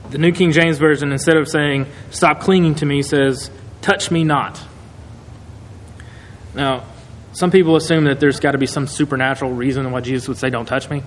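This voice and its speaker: Man, preacher, conversational animated sermon, faint background noise, echoey room. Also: mid-range voice. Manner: conversational and animated, with acted-out quotes.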